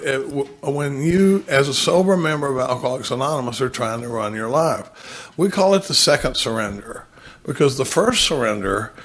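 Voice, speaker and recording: A man giving a recovery talk, telling stories and acting out what others said. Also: mid-range voice. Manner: storytelling, animated when quoting others. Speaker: recovery speaker.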